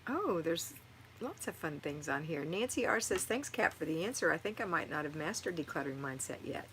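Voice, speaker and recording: A woman's voice: low voice, lively intonation, a little fast, fairly bright tone, slight background noise, poor audio. A middle-aged woman hosting a live stream, reading viewer comments aloud and giving encouraging, motherly advice. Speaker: livestream host answering viewer chat.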